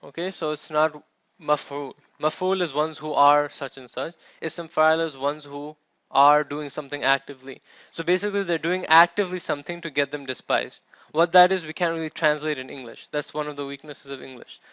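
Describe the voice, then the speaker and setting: A man's voice: a little high, fairly even intonation, a little fast, bright, forceful tone, dry recording. A man teaching a classroom lecture, explaining step by step and checking in with his students. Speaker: Arabic teacher. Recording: dull, dry classroom recording.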